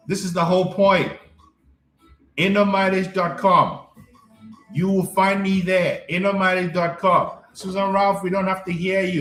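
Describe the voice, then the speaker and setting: High-voiced emphatic male live coach. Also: a bit bright, reverberant. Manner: emphatic, repetitive, checks in with listeners. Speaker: life coach hosting a live stream. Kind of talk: live stream talk answering chat.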